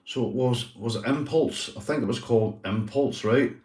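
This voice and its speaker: Northern Irish man, livestream host, sweary, rambling, says mate a lot, mid pitch, roomy, away from the mic. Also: moderate pace, a little mellow. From Northern Ireland. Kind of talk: casual livestream chat. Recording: echoey room, mic at a distance.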